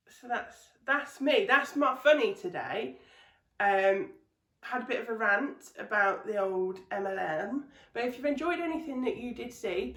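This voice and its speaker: A woman's voice: mid-range voice, fairly bright tone, far from the mic. Woman ranting, echoey room. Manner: chatty, swearing, ranting. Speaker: comedian. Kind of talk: stand-up comedy vlog. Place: home room.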